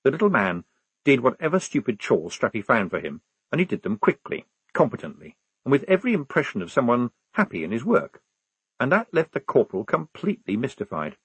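A man narrating a storybook with a wry, expressive reading. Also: medium pitch, fairly quick, breathy edge, dry recording. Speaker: audiobook narrator.

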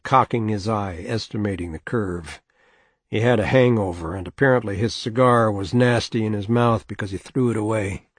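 A man narrating a novel aloud in a steady, measured storytelling manner. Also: fairly low pitch, dry recording. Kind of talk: audiobook narration.

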